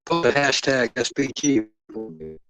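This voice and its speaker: A man's voice: mid-range voice, normal speed, bright, forceful tone, dry recording, rough recording. A man rambling and boasting as he stands in as host of a boxing live stream, swearing freely and talking to his chat.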